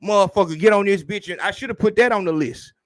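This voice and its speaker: A man hosting a podcast, ranting casually in a profane, animated way and mimicking people in mocking voices. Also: sits high, quick pace, no echo. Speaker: podcast host. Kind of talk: casual rant.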